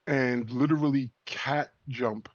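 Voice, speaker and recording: A man's voice: mid-range voice, fairly even intonation, slow, dry recording, dull audio. A man playing a tabletop game, methodically working through his abilities with fillers. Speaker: player. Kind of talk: casual tabletop game play.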